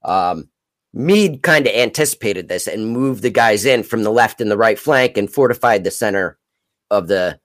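A man hosting a podcast, recounting battle history in a halting, rambling way. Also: lowish voice, expressive. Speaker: podcast host. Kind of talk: casual history talk.

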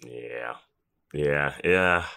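A man with an extremely deep voice co-hosts a podcast about a TV show. He talks in a relaxed, easygoing way and fills the conversation with quick agreements. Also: clean tone. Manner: relaxed, agreeable, many short affirmations. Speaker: podcast co-host. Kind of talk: casual chat about a TV episode.

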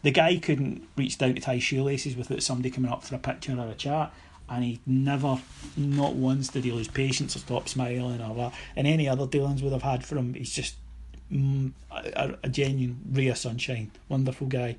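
A Scottish man telling stories on a podcast in a casual, animated way, mimicking other people and swearing now and then. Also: medium pitch, fairly quick, breathy edge. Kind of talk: casual anecdotal storytelling.

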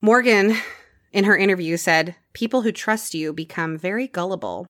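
Woman host, chatty true crime storytelling, quieter on dark details, dry close sound. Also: medium pitch, moderate pace, dry recording. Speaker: podcast host telling a true crime case. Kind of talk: casual storytelling chat.

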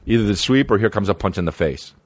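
A man's voice: lowish voice, lively intonation, fast talker, husky, dry recording. Rambling, profane young man, dry mic. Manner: rambling, profane, stammering restarts. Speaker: streamer reacting to videos. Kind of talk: casual comedic commentary.

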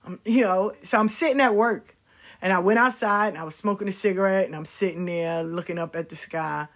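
A middle-aged woman telling stories about her life in a casual, blunt and animated way, swearing freely. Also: mid-range voice, brisk. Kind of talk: casual storytelling.

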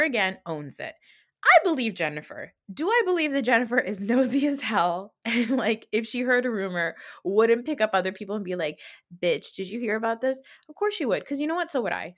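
A woman hosting a solo podcast who recaps reality television in an opinionated, sarcastic, animated way. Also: medium pitch. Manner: opinionated, sarcastic, animated storytelling with mocking quoted voices. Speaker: podcast host.

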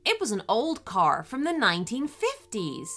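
A woman hosting a children's story podcast, telling the story in an animated storyteller's manner. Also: fairly high pitch, normal speed, faint music behind.

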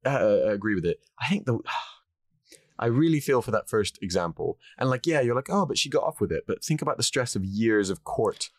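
Low-voiced joking man. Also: lively intonation, moderate pace, dry recording, studio quality. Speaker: podcast co-host. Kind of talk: casual podcast chat.

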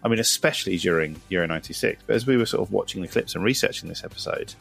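A man's voice: sits low, very fast, gravelly, a bit bright, faint music behind. A man hosting a podcast in casual chat, telling stories in a chatty, self-mocking way. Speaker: podcast host.

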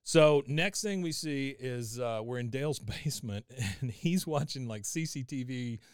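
A man casually recapping a cartoon episode on a podcast, animated and laughing as he acts out lines. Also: medium pitch, normal speed, smooth, no echo, studio quality. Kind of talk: casual chat.

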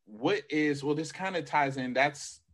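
A man's voice: on the high side, fairly bright tone. A man hosting a podcast interview, chatting casually and often restarting his sentences. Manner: halting, restarts often, easygoing. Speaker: podcast host.

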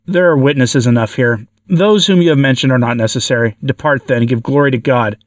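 A man's voice: medium pitch, a little fast, no echo, natural voice. A man voicing a stern bishop performing an exorcism, solemn and commanding, in an audio story. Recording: dry, from far off the mic.

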